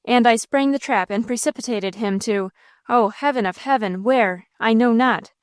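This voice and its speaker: A woman's voice: on the high side, moderate pace, smooth, no room sound, studio quality, natural voice. A woman voicing a wild, fearless young heroine in an audiobook, talking in breathless, pleading exclamations. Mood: distraught.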